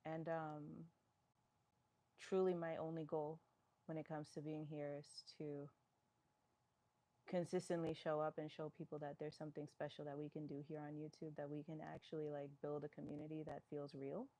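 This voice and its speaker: Low-voiced woman chatting on a live stream. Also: little pitch movement, moderate pace, warm tone. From New York. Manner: chatty, reading viewer comments aloud and answering them. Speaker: live-stream fitness host. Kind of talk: casual live-stream chat.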